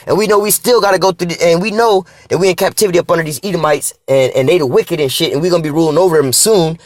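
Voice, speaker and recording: A man's voice: on the high side, dry recording, clean studio sound. A man ranting casually in a vlog, preachy and profane, ending nearly every line with "man". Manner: profane and repetitive, tags lines with "man"; preachy, scripture-quoting. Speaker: vlogger reading articles aloud. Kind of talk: casual spoken rant.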